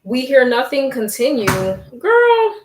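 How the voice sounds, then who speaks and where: A young woman hosting a casual livestream from home, reading viewer comments and chatting, with a strong voice that has some bass to it. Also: a little slow, recorded from a distance, noisy background. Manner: chatty, reads viewer comments aloud, laughs often. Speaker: livestream host. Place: room at home. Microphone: laptop mic. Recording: echoey room, talking from off the laptop mic.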